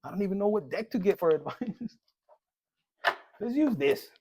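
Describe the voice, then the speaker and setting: A man does a casual collective tarot reading, blunt and profane, joking around and dropping in Spanish slang while slowly reading card messages aloud. His high-pitched voice is mellow with lively intonation and a breathy edge, and there is no room sound.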